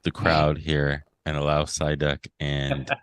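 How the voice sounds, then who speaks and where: Give me a man with an extremely deep voice hosting a casual stream, steady and moderating. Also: slow, vocal fry, no room sound. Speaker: show host.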